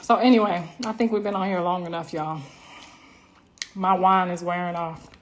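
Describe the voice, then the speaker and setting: A woman hosting a casual livestream, telling loud, laughing, slangy stories. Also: lowish voice, steady tone, normal speed, slight background noise. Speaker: livestream host. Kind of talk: casual live-stream chat.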